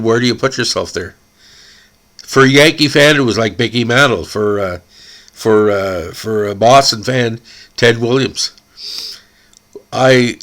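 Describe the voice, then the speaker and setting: A man from Canada hosting a hockey podcast, emotional and tearful, halting and repeating words as he speaks. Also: mid-range voice, a bit bright. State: crying.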